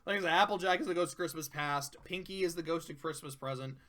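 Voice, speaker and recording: A man talking casually as he reviews cartoon episodes, excited, swearing a lot and breaking into laughter. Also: on the high side, fast. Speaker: video reviewer. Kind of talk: casual commentary.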